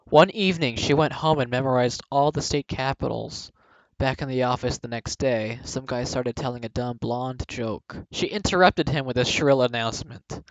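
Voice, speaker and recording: Jokes are read aloud for a video by a young man with a mid-range voice and moderate pace, who often breaks into laughter partway through a line. The home recording is dull and dry, with no echo.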